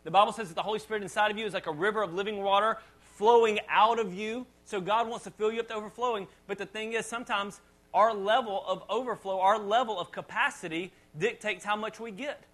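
High-voiced man preaching a casual sermon. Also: fairly even intonation, fast, a bit bright. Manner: conversational preaching, dramatic rises when reading scripture aloud; repeats words and restarts phrases. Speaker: pastor.

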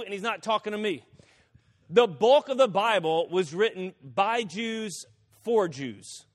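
High-voiced preacher in an echoing hall. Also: male voice. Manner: folksy storytelling with quick asides. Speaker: pastor. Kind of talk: sermon. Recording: long reverb of a hall.

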